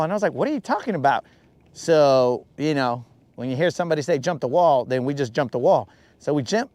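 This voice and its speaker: A man hosting a fishing livestream, telling a long rambling story and acting out quotes in a higher voice. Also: a little mellow, dry recording. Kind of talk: casual storytelling while fishing. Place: out on a lake, on a boat.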